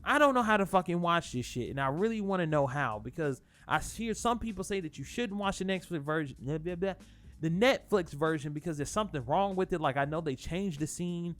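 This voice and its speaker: A man's voice: on the high side, animated, a little fast, a bit bright. A man hosting his own channel, rambling casually through spoilers with lots of swearing, fillers and restarts. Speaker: channel host.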